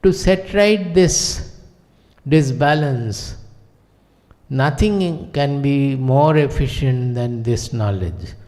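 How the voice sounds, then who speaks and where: Slow Indian man giving a spiritual discourse. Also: medium pitch, lively intonation, a little mellow. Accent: Indian English. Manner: measured, deliberate, in short broken phrases. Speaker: spiritual teacher. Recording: long hall reverb.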